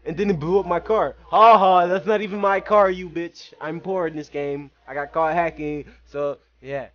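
A young man giving loud, profane live commentary while playing a game, shouting at what happens on screen. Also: on the high side, normal speed. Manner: excitable, profane, yells at the game. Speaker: gaming channel host. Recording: lo-fi home recording.

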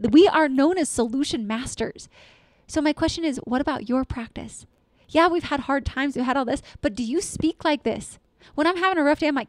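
Energetic woman podcast host, dry mic. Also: sits high, a little fast, dry recording. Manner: energetic, emphatic, repeats affirmations. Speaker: podcast host and dental practice consultant. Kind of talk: solo motivational podcast talk.

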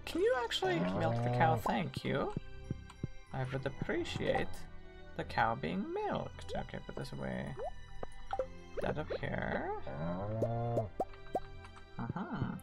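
A woman streaming a game, chatting with viewers as she plays, with sudden excited squeals. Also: creaky. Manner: chatty, reads and answers chat while playing; excitable, quick bursts of high squeals. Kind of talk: live gameplay commentary. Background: faint game music.

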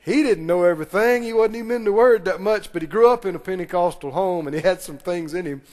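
A man preaching a sermon, calling on the congregation to respond and breaking into quick asides. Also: high-pitched, darkish tone. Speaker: pastor. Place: church sanctuary. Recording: long reverb of a church hall.

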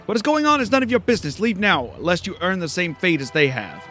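A man's voice: sits high, sing-song, fast, fairly bright tone, faint music behind, pitched above the performer's own voice. A man reading out a grieving, vengeful young girl who is a sea-witch, pleading yet threatening. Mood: hostile.

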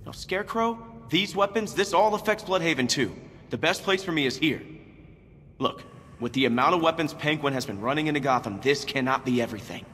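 A man's voice: a little high, expressive, fairly quick, fairly bright tone, slight background noise. An actor playing a confident young male hero who teases his partner in a video game. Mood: earnest. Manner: playful, teasing. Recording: game audio with music.

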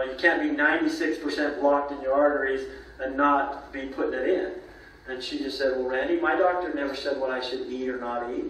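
A man telling anecdotes in a casual, rambling way, often tagging his sentences with "you know" and "okay?". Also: a little high. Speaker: nutrition company presenter. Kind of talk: casual storytelling talk. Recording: very echoey room, voice from a distance.

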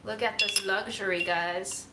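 A woman's voice: mid-range voice, steady tone, measured pace, distant mic, very noisy. A woman co-hosting a home cooking vlog, chatting casually in a playful, effusive way and describing tastes and smells. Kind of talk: casual chat. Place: home kitchen. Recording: echoey kitchen, off-mic, clattering dishes.

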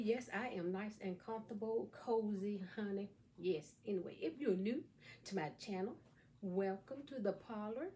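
With a mid-range, mellow voice at normal speed, a middle-aged woman chats folksily and playfully to her viewers while showing a craft at home in a how-to vlog. A camera on a stand at a table records her, with slight background noise.

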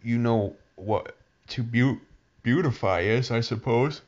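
A man's voice: medium pitch, slow, a little mellow, pitched above the performer's own voice, lightly acted. A man voicing a brusque, decided gryphon creature in a storybook reading. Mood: blunt. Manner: blunt, decided. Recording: dull lo-fi recording.

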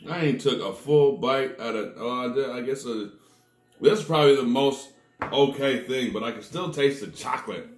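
With a medium-pitched voice at normal speed, a man tastes snacks on camera and groans theatrically at each bite. He chats casually to his viewers, addressing them as "people," in a roomy recording with faint music in the background.

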